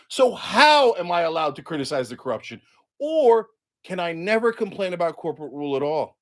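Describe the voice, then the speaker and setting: Brisk and sing-song, this man hosts a show full of heated political commentary. His tone is sarcastic and indignant as he mocks the people he quotes, punching key words loud and high.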